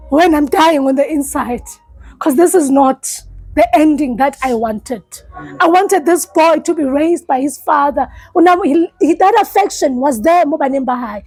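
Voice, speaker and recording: A South African woman, a life coach, giving an earnest, halting personal testimony in a support session and often repeating herself. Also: high voice, darkish tone, no room sound, rough recording.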